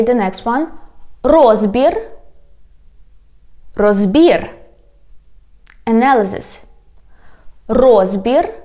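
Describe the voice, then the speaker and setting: Slow, patient Ukrainian-accented woman teacher. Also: on the high side, a little mellow. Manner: patient, addresses viewers as "guys", repeats words slowly for practice. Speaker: language teacher. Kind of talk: online language lesson.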